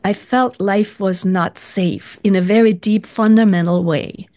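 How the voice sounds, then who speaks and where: A woman's voice: mid-range voice, steady tone, unhurried, warm tone. A woman guest in an interview, talking earnestly and reflectively, often restarting her sentences. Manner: earnest, searching, many restarts.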